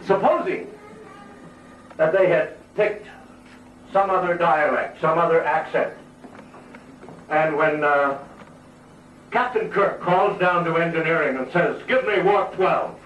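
A man's voice: on the high side, takes it slowly, long pauses, dull audio. An older man, an actor, telling rambling stories to fans with many fillers and chuckles. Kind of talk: anecdotal stage talk. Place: large hall before an audience. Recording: echoey hall, distant mic, audience noise.

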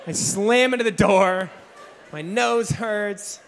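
A young man with a rather high voice tells a story from a stage. He talks casually and keeps saying "like". He acts out his younger self with lively shifts in his voice. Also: slow pace, creaky, a little hiss or hum. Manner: animated storyteller, heavy use of "like", acts out his own past lines. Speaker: keynote speaker. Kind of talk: motivational storytelling speech. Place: large room with an audience.

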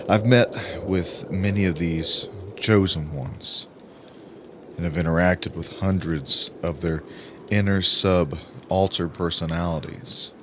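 A man narrating an audiobook in a grave, emphatic way with dramatic pauses. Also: sits low, a bit bright, slight background noise. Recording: music playing under the voice.

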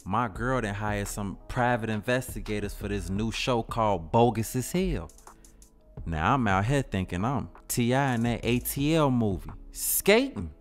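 A man with a Chicago accent telling a comedic story in slang, jumping into voices. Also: mid-range voice. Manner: slangy, animated, switching into voices. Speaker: comedy skit narrator.

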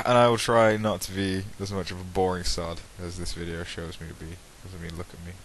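Deep-voiced young man from the Midlands. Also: flat delivery, brisk, a bit bright, slight background noise, poor audio. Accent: English Midlands. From English Midlands. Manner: rambling, self-mocking, hesitant with many ums. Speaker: let's play channel host. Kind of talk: casual self-deprecating vlog intro.

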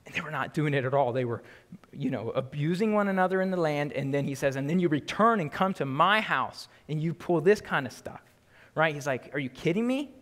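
A man's voice: a little high, fairly quick, fairly bright tone. A man teaching a Bible study in a casual, emphatic way, often checking in with "right?". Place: church sanctuary. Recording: long hall reverb.

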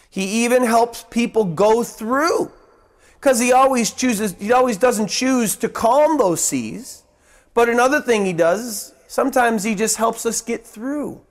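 A man preaching a sermon as pastor, swinging from raised, emphatic lines to hushed ones and repeating phrases for emphasis. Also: high voice, creaky.

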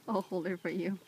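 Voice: mid-range voice, darkish tone, a little hiss or hum. A person filming at a ranch, chatting casually and amused. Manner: laughing, amused. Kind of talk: casual chat.

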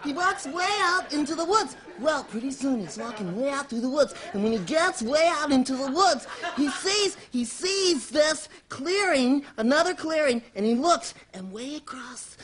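A man's voice: very high voice, fairly bright tone. An actor playing a giddy, childlike man-boy who rambles, restarts and giggles through his talk as a talk show guest. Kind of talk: comic character performance.

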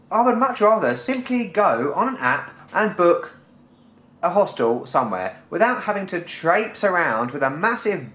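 A young man from London rants about fellow travellers in a comic vlog, sarcastic and exasperated, with plenty of swearing. His voice sits a little high for a man. The room around him echoes noticeably. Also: fairly bright tone. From London, England. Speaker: travel vlogger.

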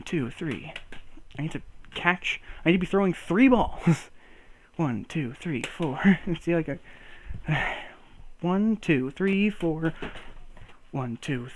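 Lively young man counting and laughing. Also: fairly high pitch, a little hiss or hum. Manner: counting aloud, laughing at himself, swearing in frustration. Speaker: vlogger learning to juggle. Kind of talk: casual self-talk while practicing.

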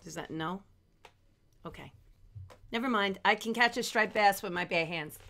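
A woman with a New York City accent playing a deadpan East Coast contestant on a dating show in a comedy sketch. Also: mid-range voice, normal speed, creaky.

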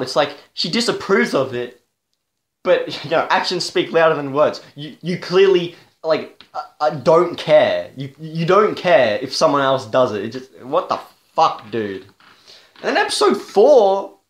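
A young man ranting through a profane, halting review of a TV show, with lots of restarts. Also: a little high. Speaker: vlogger. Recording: echoey room.

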